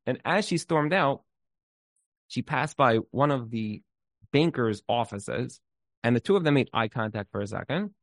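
This man's medium-pitched voice is expressive and moves at normal speed, with no room sound in the recording. In an informal talk with storytelling, he gives relationship advice earnestly and emphatically, repeating words as he thinks and using Hebrew terms.

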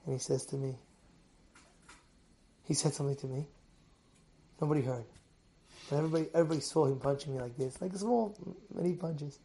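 A man giving a sermon as a lively story, swinging from loud urging to hushed, quiet storytelling. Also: on the high side, fairly quick, long pauses.

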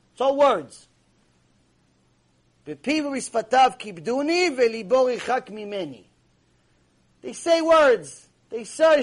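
A man teaching a Torah class as a rabbi, preaching emphatically to a live audience and repeating key phrases. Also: very high voice. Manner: speaks straight to the audience with rhetorical questions. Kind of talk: sermon-style Torah lecture. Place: warm lecture room with a live audience.

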